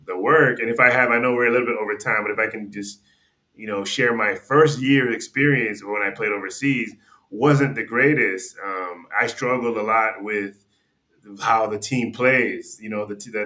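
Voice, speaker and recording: Bright-voiced man telling a story. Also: on the low side. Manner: rambling, restarts sentences, acts out quoted dialogue; conversational, with frequent "you know" and "like". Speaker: podcast guest. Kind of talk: casual storytelling.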